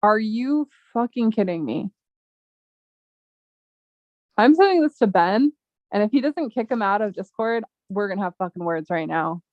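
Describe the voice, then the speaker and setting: A woman's voice: medium pitch, lively intonation, brisk, no room sound, highs cut off. A woman hosting a casual livestream chat, talking in a rambling way with a lot of swearing. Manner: angry, profane, rambling. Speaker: chat host.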